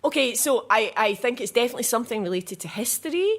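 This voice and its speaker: A woman on a radio comedy panel, riffing in a rambling, deadpan storytelling way. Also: a little high, fast talker. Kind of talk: comic riffing on a panel show.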